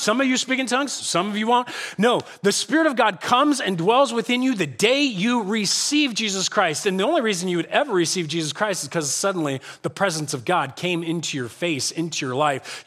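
A male pastor preaching a lively sermon to a church congregation, acting out quotes with animated shifts in voice. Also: high-pitched, a little fast, hardly any pauses. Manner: animated, acts out God's voice and quotes.

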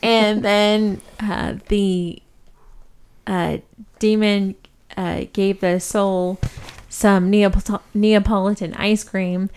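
A woman co-hosting a casual podcast, retelling scenes in an animated way and acting out the characters. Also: medium pitch, extremely slow, a little hiss or hum. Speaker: podcast co-host. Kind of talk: casual chat.

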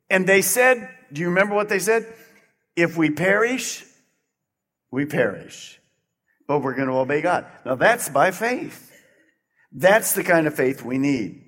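A man preaching a sermon as pastor, swinging between loud emphatic peaks and quiet, low passages. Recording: long hall reverb.

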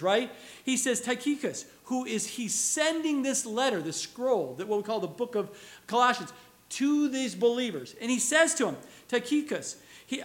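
Male preacher, very high pitch, earnest conversational sermon with rhetorical questions. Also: a bit bright.

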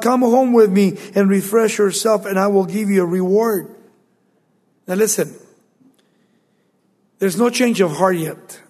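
High-voiced preacher teaching scripture. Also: male voice, darkish tone, slightly rough, long reverb tail. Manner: reads scripture aloud then comments, rising to emphatic proclamation. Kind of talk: Bible teaching.

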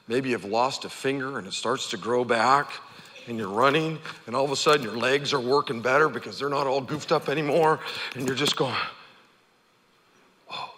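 A man preaching a sermon, telling the story with animated energy and acting out the characters' shouts. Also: mid-range voice, in a large hall. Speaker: pastor.

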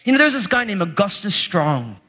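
Pastor, male, high voice, energetic humorous sermon, big church reverb. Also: a little fast. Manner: energetic, humorous, conversational preaching. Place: church sanctuary. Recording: muffled audio with long hall reverb.

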